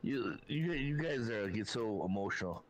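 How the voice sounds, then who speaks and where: A man co-hosting a sports podcast, talking things through calmly with fillers and restarts. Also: on the low side, normal speed, lo-fi sound, crowd noise. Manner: calm, reasoning, many fillers and restarts. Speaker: podcast co-host.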